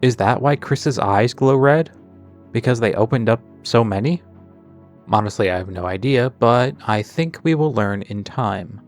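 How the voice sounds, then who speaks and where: A man's voice: mid-range voice, measured pace, soft background music. A man narrating a character analysis of a video game in a chatty way, drifting into tangents and sarcastic asides. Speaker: video essayist.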